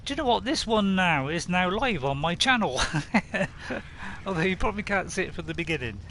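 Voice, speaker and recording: A man's voice: high voice, big pitch swings, moderate pace, a bit bright, slight background noise. A man from Bristol with a West Country accent, chatting casually with viewers on a game live stream and reading out their messages. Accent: West Country English. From Bristol, England. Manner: chatty, chuckling, reads viewer messages aloud.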